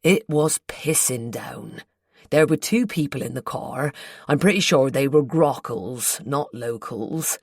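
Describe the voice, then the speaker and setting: A woman voicing an earnest, guarded local man with a North Devon accent, in a slow, confiding, colloquial way, for an audiobook. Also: very deep voice, expressive, breathy edge, dry recording, clean studio sound, full character voice. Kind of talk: audiobook character voice.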